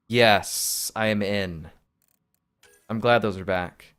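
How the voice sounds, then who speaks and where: A man's voice: fairly low pitch, slow, a bit bright. A man casually commenting while playing a video game, reading menu items aloud half to himself in an offhand, wry way.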